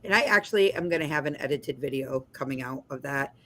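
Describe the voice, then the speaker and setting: A woman hosting a casual livestream chat, telling a story in a lively way over a video call. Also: very deep voice, fast talker. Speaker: host.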